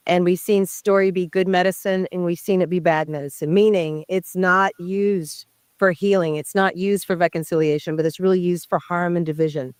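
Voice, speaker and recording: A woman's voice: on the low side, fairly even intonation, moderate pace, clear, resonant tone, no room sound. A woman actress, earnest and reflective, answering questions in a press interview. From Indigenous community in North America. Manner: earnest, reflective, searching for words.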